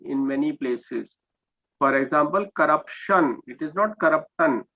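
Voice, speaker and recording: Husky Indian English teacher on a video call. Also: male voice, mid-range voice, expressive, moderate pace. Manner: patient, corrective, often checks with "okay?". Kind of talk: online class feedback. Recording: dull lo-fi video call audio.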